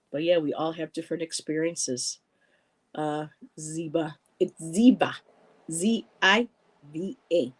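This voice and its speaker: Mellow-voiced woman chatting on a livestream. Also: low voice, poor audio. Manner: chatty, many ums and restarts, greets viewers by name. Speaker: livestream host. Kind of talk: casual chat, reading viewer comments aloud.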